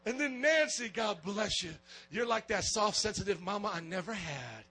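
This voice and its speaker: A man preaching a lively sermon as pastor, calling for amens and getting loud at times. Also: high voice, normal speed, husky, rough recording.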